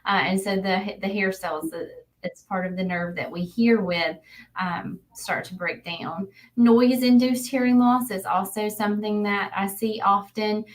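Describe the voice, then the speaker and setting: Woman guest expert, mid pitch, plain explainer, relaxed um-filled delivery. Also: measured pace. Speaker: audiologist, guest. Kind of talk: casual interview answers.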